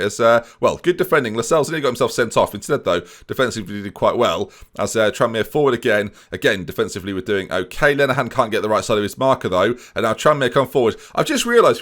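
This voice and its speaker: Fast, animated man commentating a game. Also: medium pitch. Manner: chatty, keeps addressing viewers, self-mocking asides. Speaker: video game let's-play host. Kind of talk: casual gameplay commentary.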